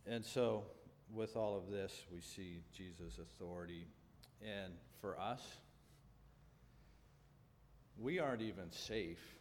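A man preaching a sermon as pastor to a congregation, earnest and measured, pausing and restarting as he explains a scripture passage. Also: sits low. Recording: long reverb, faint background noise.

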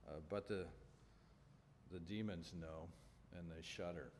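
A man with a very low voice preaches to a congregation in a large room. His delivery is earnest and measured, with pauses and restarts as he works through scripture. The sound carries a long reverb tail over faint background noise. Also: steady tone, a little mellow. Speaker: pastor. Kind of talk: sermon with scripture reading.

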